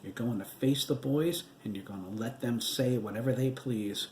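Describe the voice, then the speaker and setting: A man's voice: mid-range voice, normal speed, darkish tone, echoey room, slight background noise, lightly acted. A man voicing the stern, unforgiving ghost of a dead husband in an audiobook, mocking and cold.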